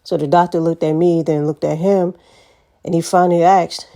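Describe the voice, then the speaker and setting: A woman's voice: lowish voice, steady tone, normal speed, dark tone. A woman vlogger telling stories in a casual monologue, blunt and profane, laughing often.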